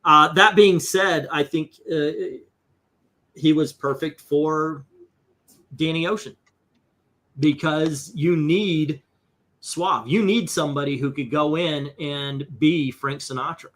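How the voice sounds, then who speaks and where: Comics host, man, bright tense voice, loose rambling chatter, swears often. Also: fairly high pitch, takes it slowly. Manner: rambling, profane, lots of fillers. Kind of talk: casual livestream chat.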